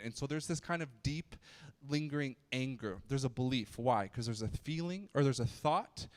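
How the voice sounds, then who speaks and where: A man preaching to a youth group in a loose, joking way, often stumbling and restarting his sentences. His voice sits a bit higher than usual for a man. The sound carries a long reverb, as in a big church hall. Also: a little fast. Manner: chatty, joking, frequent restarts and stammers. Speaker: youth pastor. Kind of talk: casual youth sermon.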